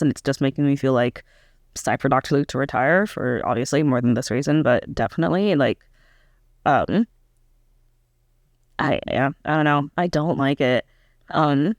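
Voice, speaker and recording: A woman's voice: low-pitched, no room sound, studio quality. A young woman giving a casual, candid reaction review of a pop album, hesitant and full of "um" and "like" as she thinks aloud. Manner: candid, self-questioning critique.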